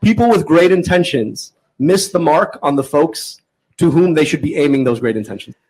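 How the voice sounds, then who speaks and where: A man moderating an audience event, speaking in halting stumbling starts. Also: on the high side, animated, darkish tone.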